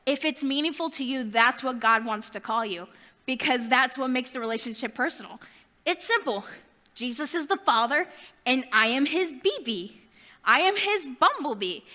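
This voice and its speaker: Bright young woman giving a youth talk. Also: fairly high pitch, animated, moderate pace, long reverb tail. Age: young adult. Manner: chatty, self-deprecating asides. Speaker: youth ministry speaker.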